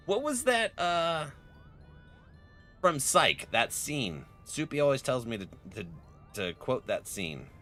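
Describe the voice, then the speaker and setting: A man's voice: mid-range voice, sing-song, slow pace, long pauses, a bit bright, soft background music. A young man streaming a game, chatting casually with viewers and laughing often. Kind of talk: casual live-stream chat.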